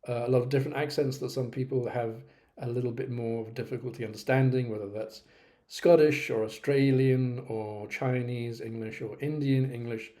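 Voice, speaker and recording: Mellow-voiced man giving a relaxed tutorial. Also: mid-range voice, normal speed. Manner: relaxed, hesitant, many ums. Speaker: teacher-trainer presenting a platform. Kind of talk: casual screen-recorded tutorial.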